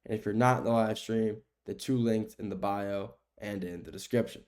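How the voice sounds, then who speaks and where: A young American man hosting a sports podcast alone. He rambles in casual chat, repeats himself and uses a lot of fillers, and he gets excited when he talks about the games. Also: fairly low pitch, normal speed. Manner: grows excited when talking about the game. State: sleepy, keeps yawning. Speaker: podcast host.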